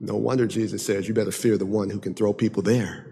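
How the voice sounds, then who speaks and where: A man preaching a sermon emphatically, moving from loud declaiming to hushed, intense passages. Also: on the low side, little pitch movement, fast talker, gravelly, a little hiss or hum. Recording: long hall reverb.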